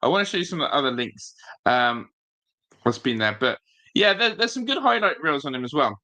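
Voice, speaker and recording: A man's voice: on the high side, sing-song, a little fast, sharp tone. A man hosting a football fan live stream, chatting loosely, rambling with fillers and reading out viewer comments. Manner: chatty, rambling, reads viewer chat aloud. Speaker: football fan channel host. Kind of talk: live-stream casual chat.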